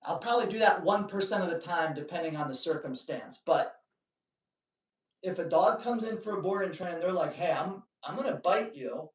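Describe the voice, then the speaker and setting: Man, live-stream host, animated storyteller, joking asides, roomy echo, sits back from the mic. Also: high-pitched, normal speed. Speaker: dog trainer hosting a live Q&A. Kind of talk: casual live-stream talk. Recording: echoey room, distant mic.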